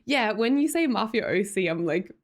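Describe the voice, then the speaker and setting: A chatty young Australian woman talks casually to her livestream audience, reading out viewer comments as she goes. Her pitch sits in the middle range for a woman. She laughs easily and often corrects herself mid-sentence. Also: lively intonation, normal speed. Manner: chatty and giggly, with frequent fillers and self-corrections. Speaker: livestream host.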